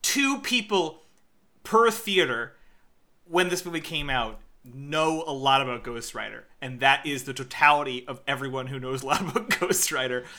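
A man co-hosting a podcast in casual chat, animated and joking, laughing often. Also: medium pitch, moderate pace. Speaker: podcast co-host.

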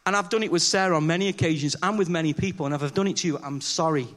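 A man's voice: on the high side, very fast, a bit bright. A man preaching a chatty, humorous sermon in church, telling self-deprecating stories and acting out the dialogue as he questions the congregation.

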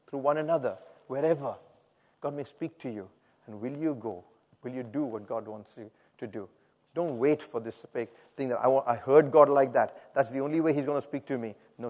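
A man preaching a sermon, who moves between loud, emphatic calls and quiet, reflective asides. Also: medium pitch. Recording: long hall reverb.

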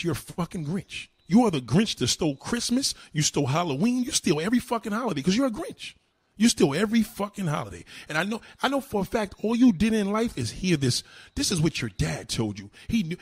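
A man delivering a heated, profane rant to the camera, swinging between low mutters and loud insulting outbursts. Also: big pitch swings, fairly quick, husky.

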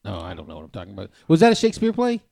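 A man's voice: fairly low pitch, wildly swooping pitch, racing, vocal fry, mellow, no echo, clean studio sound. A man co-hosting a podcast, playful, steering with questions. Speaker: podcast co-host. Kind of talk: casual chat.

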